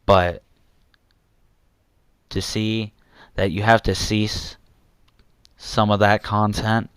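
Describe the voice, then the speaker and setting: A young man rants at his audience in an angry, repetitive way, swinging between insults and apologies. His lowish voice is smooth and clear, and he talks slowly. The sound is dry and close. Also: level tone, a bit bright, dry recording. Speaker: youtuber ranting to viewers. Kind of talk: angry rant vlog.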